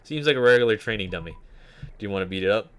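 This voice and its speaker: A man's voice: lowish voice, lively intonation, racing, smooth. A man streaming a game, rambling casually with many fillers and reading game text aloud. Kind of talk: casual gameplay commentary.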